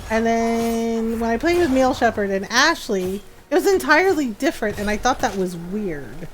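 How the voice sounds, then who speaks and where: A woman game streamer in casual chat, animated, laughing often and swearing casually. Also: a little high, normal speed, a little hiss or hum.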